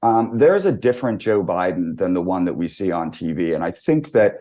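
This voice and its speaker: A man with a very low voice speaks as a guest on a talk show. He thinks aloud in a loose, halting way, circling back with restarts and fillers. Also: expressive, warm tone. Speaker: guest commentator. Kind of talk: casual talk show discussion.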